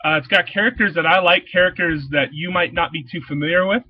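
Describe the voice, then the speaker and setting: Guy rambling excitedly about comics, kinda high voice, lots of uh and restarts, muffled dry sound. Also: fast talker. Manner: enthusiastic, rambling, with many fillers and restarts. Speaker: comic shop owner reviewing new comics. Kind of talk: casual rambling review.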